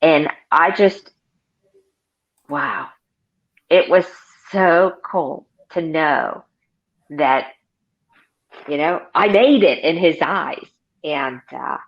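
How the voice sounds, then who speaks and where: A woman in her forties who works as a car sales consultant chats through a casual interview, telling stories packed with fillers and restarts. Her voice is deep, and the audio sounds dull.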